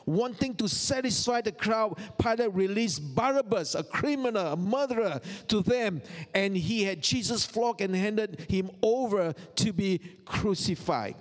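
A man's voice: sits high, expressive, unhurried, in a large hall. A man preaching a sermon, earnest and full of rhetorical questions and repeated phrases. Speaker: pastor.

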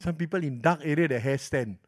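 A middle-aged man with a Malaysian English accent, preaching a sermon with animated storytelling that swings from loud to hushed. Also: a little high, a little fast. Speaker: pastor.

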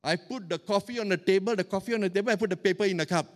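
A middle-aged man preaching a sermon as pastor, animated and emphatic, stretching out key words. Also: high voice, very fast, few pauses.

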